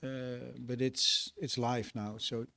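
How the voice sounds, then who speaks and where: A man's voice: mid-range voice, little pitch movement, takes it slowly, bright, forceful tone. A male teacher addressing a ceremony, hesitant and searching for words.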